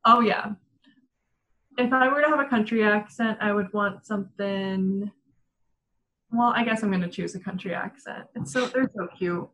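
A woman's voice: mid-range voice, moderate pace, a bit bright, poor audio. A woman in casual chat, giggling often and talking with lots of fillers. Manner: giggly, chatty, many fillers.

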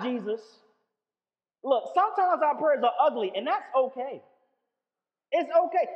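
A man preaching a sermon in a conversational, playful way, swinging between loud and hushed. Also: very high voice, in a large hall, dull audio.

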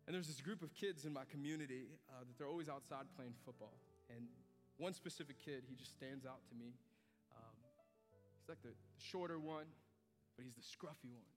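A male pastor preaching a sermon, swinging from hushed, low passages to loud, emphatic climaxes. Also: moderate pace. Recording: hall reverb with soft music beneath.

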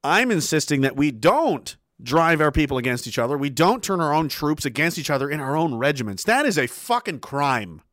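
Fiery high-pitched man ranting. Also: big pitch swings, moderate pace, hardly any pauses, no room sound, clean studio sound. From Canada. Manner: profane, forceful, repetitive. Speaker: livestreamer. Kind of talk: heated monologue rant on stream.

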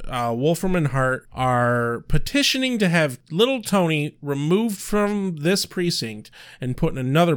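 A wry podcast co-host summarizing an episode at an unhurried pace. The delivery is dry, but the pitch rises and falls freely. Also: a bit bright, clear, resonant tone. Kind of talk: casual chat recapping a TV episode.

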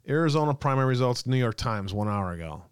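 A man hosting a live stream, chatting with viewers in a loose, joking way and laughing often. His voice is smooth and resonant. The sound is dry and close to the mic. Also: mid-range voice, dry recording. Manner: chatty, reads chat aloud, laughs often. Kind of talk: casual live-stream chat.

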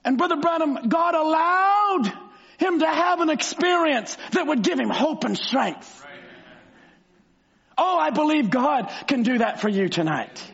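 A fervent male preacher with a very high voice for a man, swinging from soft storytelling into loud, drawn-out shouts. The recording sounds slightly dull. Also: lively intonation, vocal fry. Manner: fervent, bursts into shouts, stretches words. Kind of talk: sermon.

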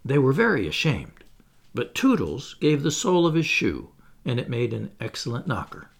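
An audiobook reader with a gravelly, mid-range voice reads a children's storybook aloud at a normal speed, narrating expressively.

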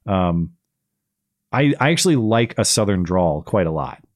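Low-voiced man hosting a call-in show. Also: very animated, a little slow, no room sound, studio quality. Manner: rambling with fillers and restarts. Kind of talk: casual chat.

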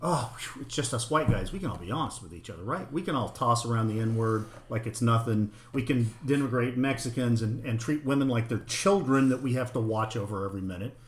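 A middle-aged man in a casual, frank discussion, swearing freely and talking with animated emphasis. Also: mid-range voice, brisk, hardly any pauses, reverberant, slight background noise. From United States, parents from Oklahoma and Arkansas.

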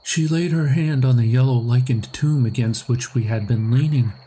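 A man narrating a story podcast in a slow, measured scripted reading. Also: medium pitch, dark tone, a little hiss or hum.

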